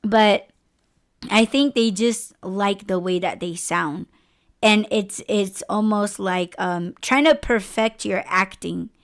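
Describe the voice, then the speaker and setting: A woman hosting a podcast, talking in a rambling, profane, animated way in casual chat. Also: medium pitch, slow pace. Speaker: podcast host.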